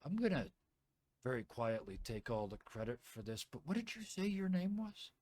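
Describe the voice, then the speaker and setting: A man voicing a respected middle-aged working man with a quiet, dry, understated manner. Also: medium pitch, sing-song, moderate pace, no echo, close to an everyday voice. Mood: wry.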